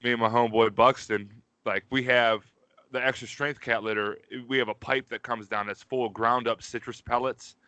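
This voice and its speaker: Medium-pitched with fairly even intonation, this man speaks at a moderate speed in a sharp, clean tone, recorded with no room sound. He's a Pittsburgh podcast co-host rambling through profanity-heavy stories in casual conversation. "Dude" comes up constantly.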